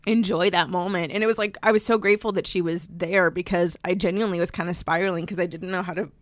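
A woman co-hosting a podcast, telling a story in casual chat and acting out the people she quotes in higher voices. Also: steady tone, quick pace, dry recording, clean studio sound. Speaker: podcast co-host. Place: podcast studio.

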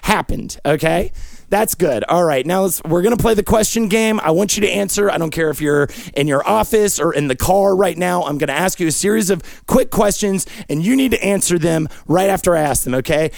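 A man with a gravelly, creaky voice rants through an improvised comedy bit, profane and erratic. He pitches his voice somewhat high and often lapses into a sing-song lilt. The sound is dry and close. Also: a little fast, no room sound. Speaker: comedy show host.

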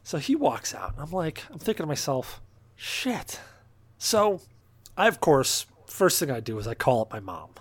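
A man with a fairly high voice for a man tells a long story on a podcast in a loose, casual way. He swears freely and slips into quick impressions of the people in his story. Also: breathy edge. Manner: animated, profane anecdote-telling with quoted dialogue. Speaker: podcast co-host.

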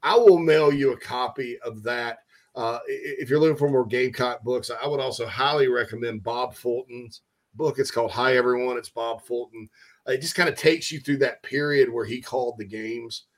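This is a man hosting a relaxed sports talk show. He rambles, cracks jokes and fills his talk with "uh" and restarts. His pitch sits in a middle range for a man. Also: normal speed. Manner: rambling, jokey, many fillers and restarts. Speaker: sports radio host.

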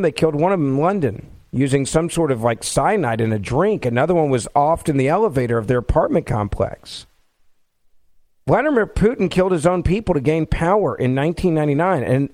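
A man's voice: on the high side, a little mellow, no room sound. A middle-aged man hosting a podcast, delivering an impassioned political commentary monologue full of rhetorical questions. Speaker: podcast host.

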